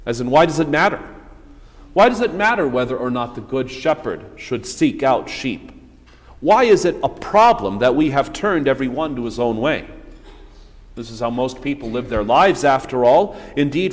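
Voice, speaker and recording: A male pastor preaching a sermon in a measured voice, posing rhetorical questions and answering them. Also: mid-range voice. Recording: long church reverb.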